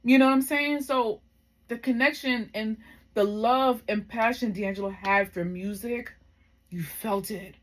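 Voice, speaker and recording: A woman's voice: a little high, measured pace, a bit bright. A woman in her thirties telling a personal story in a casual vlog. She is heartfelt and reflective, and rambles with many fillers. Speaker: vlogger.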